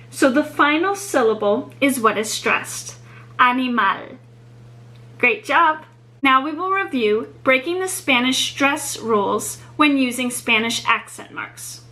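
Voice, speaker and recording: A woman tutoring a beginner Spanish lesson, speaking slowly and clearly with encouraging praise. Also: high-pitched, pushed and bright. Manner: slow, clear, encouraging teacher delivery. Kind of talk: scripted language lesson. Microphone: USB headset.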